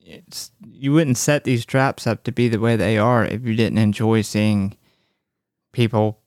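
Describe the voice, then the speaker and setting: A man's voice: lowish voice, fairly even intonation, a little slow, darkish tone, no echo, studio quality. A man co-hosting a casual horror movie podcast, blunt and joking with slangy asides. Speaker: podcast co-host.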